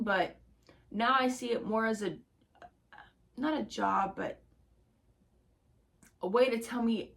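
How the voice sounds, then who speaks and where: A young woman rambling casually to camera about her reading goals, excitable and profane, trailing off into half-whispered asides. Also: mid-range voice, slow, gravelly, long pauses. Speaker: book vlogger.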